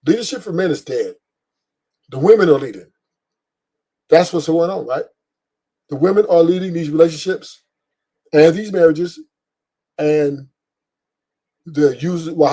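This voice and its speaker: A man's voice: on the high side, normal speed, long pauses, dark tone. A man hosting an opinion commentary show, lecturing and repeating his points. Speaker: host.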